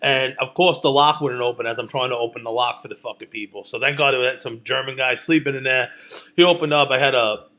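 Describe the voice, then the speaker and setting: A man's voice: mid-range voice, fast, bright, forceful tone. A man, a comedian and host, talking in a loose, rambling monologue full of swearing and self-deprecating jokes. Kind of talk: casual monologue.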